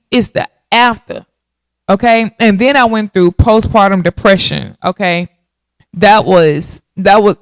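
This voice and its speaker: A lively woman in her late thirties tells a personal story on her podcast and keeps turning to her listeners with "y'all." Her voice is smooth and clear. The sound is dry and close, with no room around it. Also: mid-range voice, no echo. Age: 30s. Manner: animated, talks straight to listeners with y'all. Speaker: podcast host.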